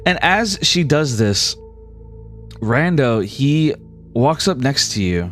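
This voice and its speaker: A man game master narrating a tabletop role-playing game in a middle-pitched voice. His telling is dramatic, and faint music plays underneath. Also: animated, slow, pauses often, a bit bright.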